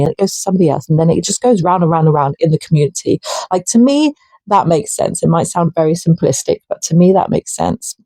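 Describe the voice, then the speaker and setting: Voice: medium pitch, a little mellow, no echo. A person giving an impassioned solo monologue, angry and sweary, with mocking asides. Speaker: channel host.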